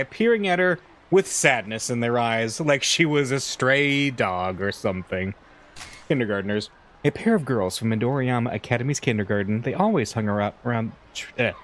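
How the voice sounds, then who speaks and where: Animated man reading a game aloud. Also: medium pitch. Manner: amused, chuckling, animated. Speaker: let's play gamer. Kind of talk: reading a visual novel aloud with casual commentary.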